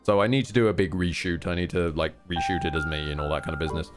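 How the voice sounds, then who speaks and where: A man's voice: low-pitched, steady tone, quick pace, faint music behind. A man live-streaming a game, chatting casually, rambling and swearing often with candid asides.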